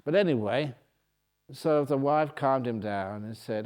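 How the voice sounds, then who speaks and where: Monk guy doing a funny q&a talk, cracks himself up, medium pitch voice. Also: measured pace, darkish tone, soft background music. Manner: jovial storytelling, laughing at his own jokes. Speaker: Buddhist monk and teacher. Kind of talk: humorous dharma Q&A talk. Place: meditation retreat hall.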